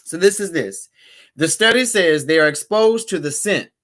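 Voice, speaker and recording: A man's voice: high voice, animated, moderate pace, fairly bright tone. Chatty man hosting a live stream. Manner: chatty, addresses viewers directly, playful asides. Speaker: talk show host. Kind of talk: casual live-stream chat.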